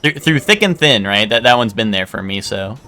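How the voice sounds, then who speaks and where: Young male streamer with a bright, forward voice, loose rambling chat, lots of fillers and casual cursing. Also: on the low side, lively intonation, moderate pace. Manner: rambling, many "like" fillers and restarts; swears casually. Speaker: game streamer.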